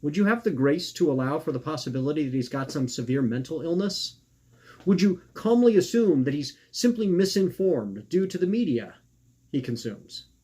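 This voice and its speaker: A man reading his own personal essay aloud in an earnest, measured way, posing rhetorical questions. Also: fairly high pitch, warm tone, slightly rough.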